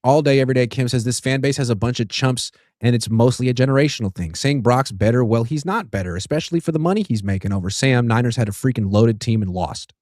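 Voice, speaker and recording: A man's voice: medium pitch, fast talker, hardly any pauses, a little mellow, dry recording. Guy in his 30s, sports show host, reads chat comments, middle voice, dry close sound. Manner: easygoing, reads super chats aloud. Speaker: host reading viewer comments. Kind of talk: casual sports talk.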